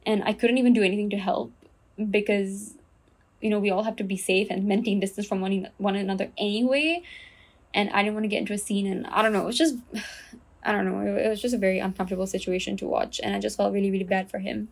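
A woman's voice: mid-range voice, fairly even intonation, fast talker, creaky. A young woman from Singapore with a Singaporean English accent, hosting a casual solo podcast and telling a story earnestly, with lots of fillers. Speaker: podcast host.

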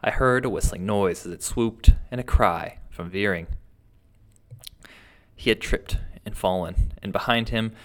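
A man reading a first-person ghost tale aloud in a steady, dramatic storytelling manner. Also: fairly low pitch, measured pace. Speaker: narrator.

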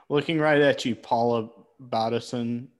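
Male co-host, wisecracking and interrupting, ordinary mid-pitched voice. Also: steady tone, slow. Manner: teasing, joking, cuts in. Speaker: podcast co-host. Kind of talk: casual chat.

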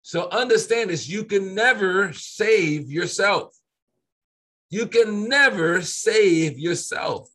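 A man in casual Bible-study conversation, reading scripture slowly and pressing his points with earnest repetition. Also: sits high, expressive, sharp tone. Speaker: co-host of a faith discussion.

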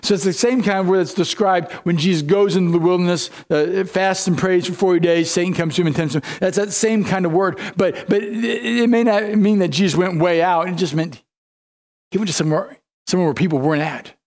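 A man's voice: high-pitched, steady tone, a little fast, a little mellow. A male pastor preaching a sermon, retelling scripture in casual, everyday storytelling speech.

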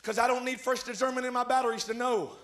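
A man preaching a revival sermon, swinging from hushed, rhythmic lines to loud shouted peaks, with joking asides to his congregation. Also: very high-pitched, fairly even intonation, fast. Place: large church hall. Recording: echoey church hall.

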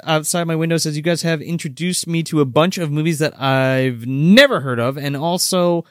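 A man's voice: a little high, normal speed, hardly any pauses, a bit bright, no room sound, studio quality. A man in his thirties or forties co-hosting a live-streamed show, rambling and swearing as he reads chat comments. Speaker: podcast co-host.

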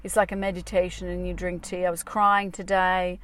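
A woman's voice: on the low side, flat delivery, normal speed, fairly bright tone. A woman hosting her own podcast, talking candidly and rambling, swearing freely, recorded in a parked car on a small mic plugged into her phone. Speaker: podcast host and dating coach. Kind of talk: candid solo podcast monologue. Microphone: small clip-on mic on a phone.

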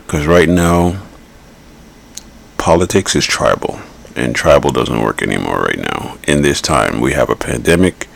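A man's voice: a bass voice, lively intonation, unhurried, vocal fry. A man hosting a podcast, giving blunt, rambling political commentary and repeating his points. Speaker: podcast host.

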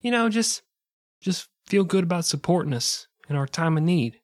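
A man's voice: fairly high pitch, expressive, normal speed, no echo, clean studio sound. An American man co-hosting a podcast, joking crudely and playfully as he wraps up the episode. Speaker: podcast co-host. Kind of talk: casual podcast outro banter.

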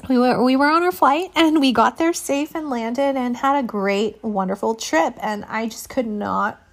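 A woman's voice: on the high side, moderate pace. Emotional woman telling a personal story. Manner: emotional, laughs often between phrases, many restarts. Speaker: mother sharing a personal story.

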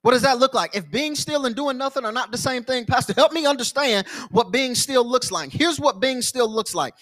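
A man's voice: very high-pitched, lively intonation, moderate pace, fairly bright tone. A young adult man preaching a sermon, telling a personal story with many repeats and restarts. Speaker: pastor.

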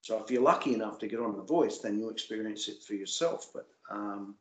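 A man guest in a casual interview, hesitant and repeating words, getting animated as he recalls. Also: lowish voice, fairly quick, echoey room, rough recording. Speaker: interview guest, former singing show contestant.

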